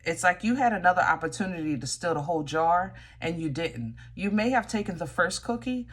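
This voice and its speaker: A woman's voice: on the low side, lively intonation, fairly quick. A woman giving a casual tarot reading, talking straight to her viewers in a chatty way, often stopping and restarting. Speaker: tarot reader.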